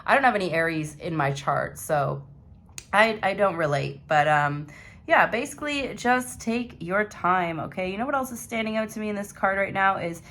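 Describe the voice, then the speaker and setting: A woman's voice: mid-range voice, expressive, normal speed, fairly bright tone, slight background noise. A young woman giving a casual monthly tarot reading to her viewers, chatty and rambling as she talks straight to them. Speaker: tarot reader.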